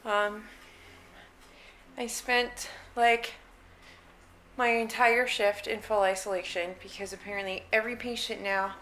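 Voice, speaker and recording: A woman's voice: mid-range voice, level tone, unhurried, pauses often, fairly bright tone, a little hiss or hum, low-quality recording. A woman, a nurse, talking in a rambling, chatty vlog at home, full of fillers. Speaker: nurse and book vlogger. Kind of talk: casual vlog chat.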